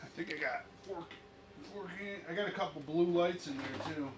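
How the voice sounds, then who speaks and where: A man's voice: on the high side, moderate pace, noisy background. A man hosting a casual chat over drinks, rambling, laughing often and swearing freely. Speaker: podcast host.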